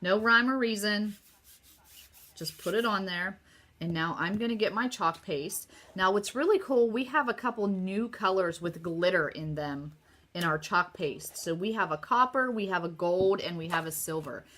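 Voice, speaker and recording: Bright-voiced chatty woman with a sore throat. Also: mid-range voice, normal speed. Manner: chatty, upbeat, talking straight to viewers. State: sore throat, slightly losing her voice. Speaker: craft designer demonstrating card making. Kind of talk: casual craft tutorial. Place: home craft table.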